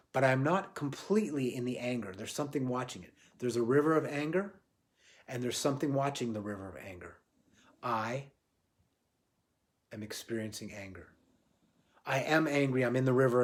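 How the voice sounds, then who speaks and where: Man, spiritual teacher on a livestream, reflective, repeats himself, mid-pitched voice. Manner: reflective, repeats phrases for emphasis, drops to quiet soft lines.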